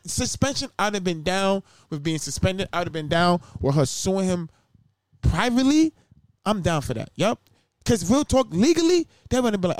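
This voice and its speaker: This is a man co-hosting a podcast, riffing in casual chat. His voice sits high for a man, and the sound is dry and close. He is animated and profane, and he keeps slipping into quick voiced impressions of other people. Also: no room sound. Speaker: podcast co-host.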